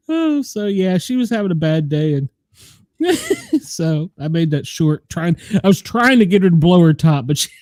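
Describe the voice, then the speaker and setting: A man's voice: high voice, very animated, measured pace, long pauses, a little mellow, dry recording, studio quality. A middle-aged man from the US South, hosting a casual chat show and telling stories, laughing often. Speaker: podcast host.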